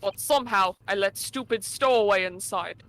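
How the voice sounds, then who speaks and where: Brief: a woman doing a curt Russian-accented ship steward, bright and forceful, game read-along. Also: medium pitch, moderate pace, slight background noise, voice pushed down, close to an everyday voice, poor audio. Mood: gruff. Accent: put-on Russian. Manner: drops articles, curt. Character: gruff male Russian ship steward, blunt.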